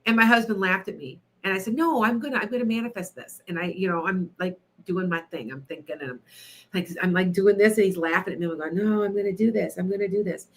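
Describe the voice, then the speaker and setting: A middle-aged woman hosting an internet radio show, telling stories in a chatty, animated way, laughing often and talking to listeners by name. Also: medium pitch, fast, a little hiss or hum. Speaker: radio show host, psychic. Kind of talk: casual storytelling to listeners.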